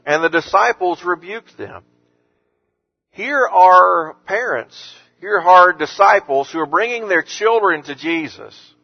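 High-voiced preacher, earnest and emphatic. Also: male voice, dull audio. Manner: earnest, rising to emphatic when quoting Jesus. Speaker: pastor. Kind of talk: sermon.

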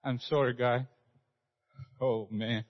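A man from Brazil whose first language is Portuguese, speaking at church in halting, simple English with a Brazilian accent. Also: medium pitch, steady tone. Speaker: preaching school president, guest speaker. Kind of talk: church talk. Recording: echoey church hall, dull lo-fi sound.

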